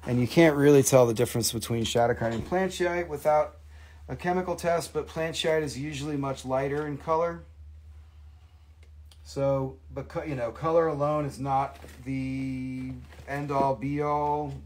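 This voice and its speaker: A man's voice: mid-range voice, fairly even intonation, unhurried, darkish tone. A man hosting a live mineral sale, chatting enthusiastically and answering viewer comments. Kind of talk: casual live-stream sales chat.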